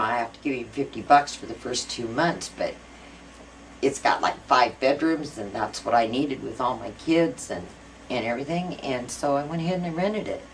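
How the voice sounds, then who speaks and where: A woman's voice: rumbling low, a little hiss or hum. A middle-aged woman being interviewed, earnestly telling a personal ghost story with many fillers. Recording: voice a bit far from mic, faint music.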